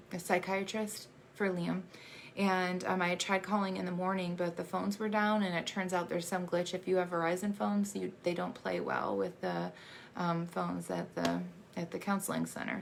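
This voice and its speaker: Emotional gravelly-voiced woman telling a story. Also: fairly low pitch, a little hiss or hum. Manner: emotional and halting, many fillers and restarts. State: emotional, choking up. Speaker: adoptive mother sharing her family's story. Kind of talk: personal storytelling monologue.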